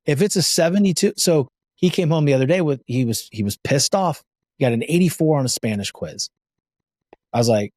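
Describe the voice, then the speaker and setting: A man's voice: medium pitch, expressive, normal speed, a little mellow, husky, dry recording, clean studio sound. Enthusiastic, rambling man hosting a podcast. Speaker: podcast host. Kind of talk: casual interview conversation.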